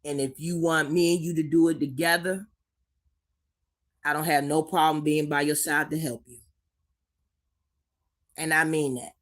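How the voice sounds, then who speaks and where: Tearful woman hosting a slow live chat. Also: low voice, flat delivery. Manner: tender, calls people sweetie and baby, repeats herself. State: holding back tears. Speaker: livestream host reading chat.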